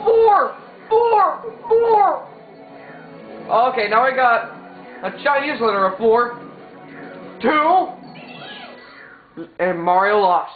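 Tinny, echoey young man rambling over game music. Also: high voice. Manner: rambling, stumbling restarts. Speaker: gameplay commentator. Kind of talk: casual gameplay commentary.

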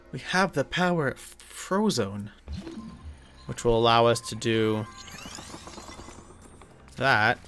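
A man's voice: mid-range voice, slow pace, pauses often, soft background music. A young man streaming a video game, joking and chatting with his viewers. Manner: jokey and animated, talks to viewers. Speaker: gaming streamer. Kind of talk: let's play commentary.

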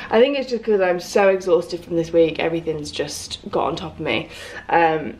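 A young woman talking casually to camera in a vlog, chatty and expressive, often exasperated. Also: on the low side, moderate pace. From United Kingdom. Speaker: lifestyle vlogger.

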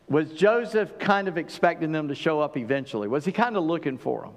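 A man preaching a sermon as pastor, conversational and animated, often acting out quoted lines in other voices. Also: fairly high pitch, fast talker, few pauses. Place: church sanctuary. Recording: long church-hall reverb.

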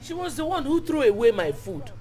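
Sulky middle-aged Nigerian mother, lively pitch, music clear behind. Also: fairly quick. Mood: defensive. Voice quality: defensive, sulky. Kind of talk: film drama acting. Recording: film audio with music behind.

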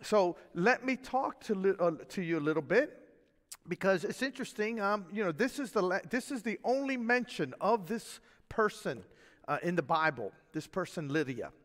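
A man preaching a sermon as pastor, in a folksy, animated way with chuckles and asides. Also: high-pitched, normal speed, in a large hall. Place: church sanctuary.

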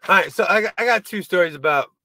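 A male comedian talks straight to the camera in a loose, rambling monologue. He keeps mocking himself, swears freely and trips over his restarts. His voice is bright and fairly high for a man, and the sound is dry and close. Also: quick pace, no echo. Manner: rambling, self-deprecating, profane, with many stumbles and restarts. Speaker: comedian and video creator. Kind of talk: casual stand-up monologue to camera.

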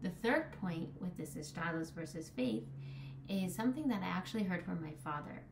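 A woman's voice: fairly low pitch, expressive, moderate pace, noisy background. A young woman giving an informal, earnest Torah lesson, talking casually with lots of "like" fillers. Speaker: Torah teacher. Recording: echoey room with faint ambience.

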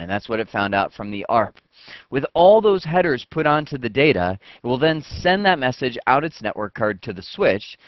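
A man teaching computer networking step by step, acting out what each computer says in quick asides, on a close mic. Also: mid-range voice, dry recording. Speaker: networking instructor. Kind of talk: screen-recorded technical lesson. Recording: dull, dry lo-fi voice track.

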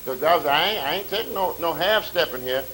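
A male pastor preaching a sermon, drawing out scripture readings slowly and swelling loud, with colloquial asides and questions to the congregation. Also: fairly high pitch, lively intonation, low-quality recording. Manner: colloquial, calls and responses to the congregation. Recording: faint tape hiss.

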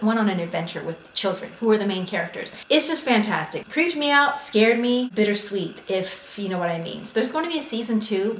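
A woman chatting casually in a favorites vlog, animated, acting out her own reactions as she tells them. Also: medium pitch, reverberant, slight background noise, rough recording. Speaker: vlogger.

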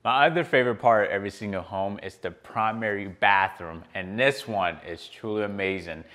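A man's voice: lowish voice, moderate pace, fairly bright tone. A man working as a real estate agent, walking through a large home on a tour and praising each room with frequent fillers. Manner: enthusiastic, lots of fillers and repeated praise. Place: large furnished home, indoors.

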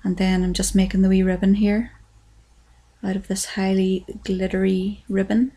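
A woman's voice: mid-range voice, completely flat delivery, normal speed, warm tone. An Irish woman giving a chatty, self-deprecating voice-over for a crafts tutorial, often saying "wee". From Ireland.

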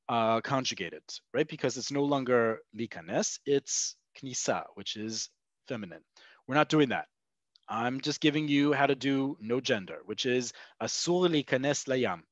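Male language teacher, mid-pitched, patient and methodical, dry dull webinar sound. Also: expressive, measured pace, no echo. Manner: patient, explains step by step with frequent "okay" and "right?". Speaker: Hebrew teacher. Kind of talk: online language lesson. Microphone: video call.

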